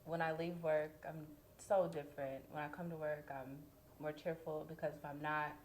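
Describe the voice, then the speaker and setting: A woman's voice: low voice, little pitch movement, normal speed, a little mellow, slight background noise. A young adult woman speaking frankly on a panel, conversational, acting out what others say to her. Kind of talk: candid panel discussion.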